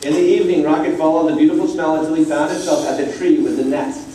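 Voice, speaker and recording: A man gently reads a children's picture book aloud, now and then adding a casual aside. His voice is a bit high with a dark, mellow tone. It sounds far from the mic in a very echoey room with faint noise. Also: steady tone, fast. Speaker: storybook reader.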